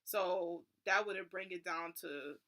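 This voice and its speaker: Bright-voiced young woman vlogger. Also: on the low side, slow pace. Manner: nervous, constantly saying "like". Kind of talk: casual storytelling.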